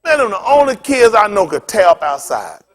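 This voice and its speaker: High, lively-voiced male pastor preaching. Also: moderate pace. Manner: animated, colloquial, often laughing while telling stories. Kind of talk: sermon with humorous storytelling.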